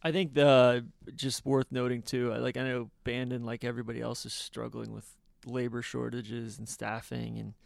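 Man, gravelly voice, podcast co-host, casual chat, trailing sentences. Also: mid-range voice, level tone, moderate pace, no echo.

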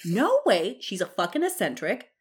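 A woman's voice: medium pitch, very animated, normal speed, husky. A woman co-hosting a podcast, chatty and gossipy in casual conversation. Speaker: podcast co-host. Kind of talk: casual chat.

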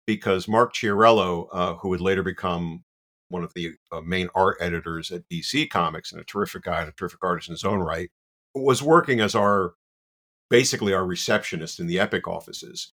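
Low-voiced guy telling a story, animated, pokes fun at himself, lots of you know. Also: a little fast. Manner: animated, self-deprecating, many "you know" asides. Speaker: guest. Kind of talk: casual anecdotal storytelling.

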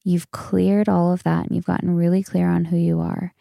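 Gravelly low-voiced woman podcasting solo. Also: little pitch movement, normal speed, no room sound, clean studio sound. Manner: frank, warm coaching tone with casual swearing. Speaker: podcast host. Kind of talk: solo podcast Q&A, casual and candid.

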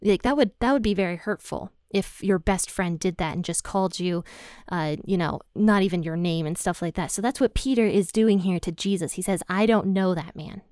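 A woman's voice: lowish voice, brisk, darkish tone, no room sound, studio quality. A woman teaching a casual Bible lesson, explaining in a conversational way with lots of "like" and everyday examples.

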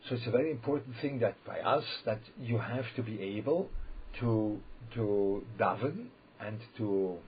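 Halting low-voiced man giving a sermon. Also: lively intonation, a little hiss or hum. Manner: halting, repeats words and restarts often; checks in with listeners, asking "yeah?". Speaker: religious teacher. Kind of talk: holiday sermon. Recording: slightly dull lo-fi recording.

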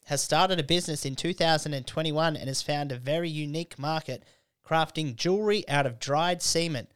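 A man's voice: on the high side, fairly quick, fairly bright tone, smooth. A young man hosting a comedy podcast, chatting loosely and crudely, swearing and laughing as he tells stories. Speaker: podcast host.

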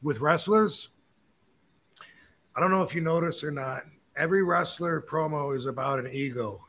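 A man hosting a podcast, telling stories and opinions in a casual, animated way, with frequent swearing. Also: a little high, normal speed, long pauses. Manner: animated, profane storyteller. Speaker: podcast host. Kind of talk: casual chat.

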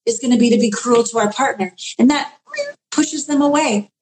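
A woman's voice: a little high, normal speed, darkish tone, slight background noise. A woman giving relationship advice in a conversation, earnest and coaching, with emphatic repeated phrases. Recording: roomy echo.

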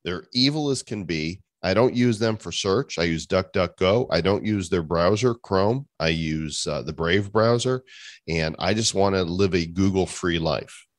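A man's voice: low voice, unhurried, dry recording. A man co-hosting a podcast in casual chat, reading listener reviews aloud with dry, chuckling humor. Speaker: podcast co-host. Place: living in Puerto Rico.

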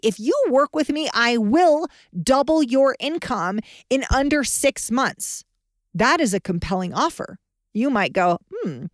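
A woman's voice: a little high, no room sound, studio quality. A woman hosting a podcast, teaching sales in a confident, emphatic, conversational way as a business advisor.

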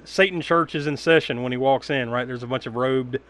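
A man's voice: mid-range voice, brisk, fairly bright tone. A man recapping a movie in casual chat, rambling, laughing often and swearing freely. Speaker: podcast co-host.

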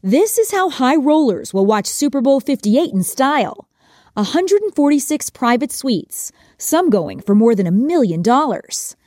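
A woman field reporter giving an upbeat, animated on-location news report. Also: high voice, measured pace, no room sound, clean studio sound. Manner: bubbly, animated.

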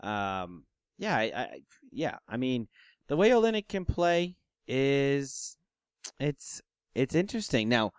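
A man in a relaxed sports chat, joking and steering the talk with quick questions. His voice is smooth and resonant, mid-pitched, recorded dry and close with no room sound. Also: no room sound. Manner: loose, joking, leads the questions. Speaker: podcast co-host.

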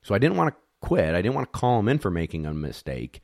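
A man who handles retriever dogs, telling a competition story in a casual, animated way, acting out the dogs and judges, blunt and swearing a little. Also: lowish voice, fast talker, gravelly, no room sound, clean studio sound.

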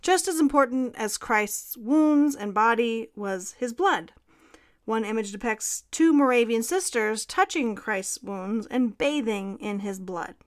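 A woman's voice: a little high, expressive, measured pace. A woman co-hosting a history podcast, reading scripted narration with dry, amused asides. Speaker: podcast co-host.

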